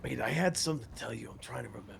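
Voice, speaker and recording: A man's voice: medium pitch, rapid-fire, creaky, crowd noise. A man chatting in character in a role-play game, rambling with lots of filler words. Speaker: roleplay game player. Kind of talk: casual in-character chat.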